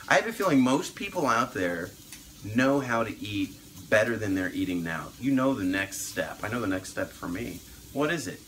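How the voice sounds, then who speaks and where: A man's voice: on the low side, bright, forceful tone, a little hiss or hum, poor audio. A man, a doctor, chatting casually through a cooking vlog in his home kitchen, upbeat and self-deprecating. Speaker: doctor vlogging about meal prep. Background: kitchen sizzle.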